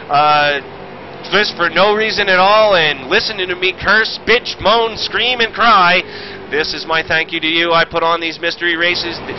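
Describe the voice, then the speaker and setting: A man calls a sim race off the cuff, excitable and profane, with a voice set a little high. The audio is dull and muffled, and loud game engine noise runs underneath. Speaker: sim racing commentator and streamer. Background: racing game engine noise.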